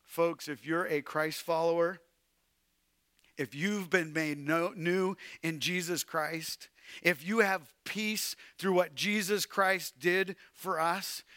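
A man preaching a sermon, swinging between loud calls and hushed, quiet passages. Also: sits high, dry recording, clean studio sound. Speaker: pastor.

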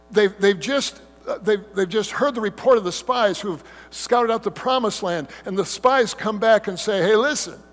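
A man with a high voice preaches a sermon, telling the story with animated delivery and slipping into whiny grumbling voices. His words ring out with a long hall reverb, over a low mains hum. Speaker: pastor.

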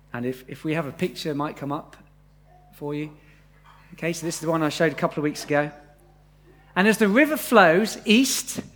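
A man's voice: sits high, a bit bright. A man preaching a sermon to a live congregation in a conversational way, often asking them questions.

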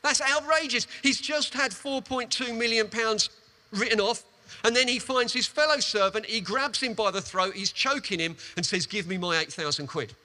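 A man delivers a sermon in a high, ringing voice with a bright, cutting edge. He retells a parable with animated emphasis, often doubling his words as he drives a point home. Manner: animated storytelling, quick emphatic repetitions. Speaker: preacher.

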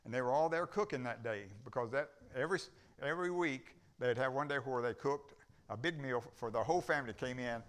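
A man's voice: medium pitch, fairly quick. An older man, a visiting preacher, telling a folksy story in a church service and acting out the dialogue as he goes. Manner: rambling storyteller, acts out dialogue. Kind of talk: folksy sermon testimony.

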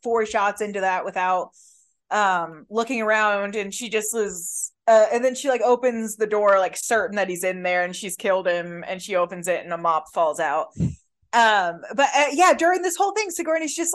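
A woman on a podcast, chatting through a film's plot and poking fun at its choices. Her voice sits a bit high, and her remarks come out wry and amused, with exasperated asides. Her delivery stays loose and conversational. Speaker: podcast co-host. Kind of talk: casual movie recap chat.

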